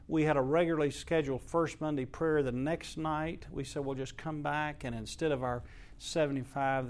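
A male pastor, preaching earnestly in story form, his voice swelling to emphatic peaks and dropping low and soft. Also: gravelly. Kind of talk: sermon storytelling.

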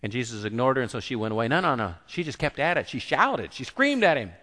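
A man's voice: mid-range voice, very animated, fast, sharp tone, long reverb tail. A man preaching a conversational sermon and acting out the quoted voices. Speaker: pastor.

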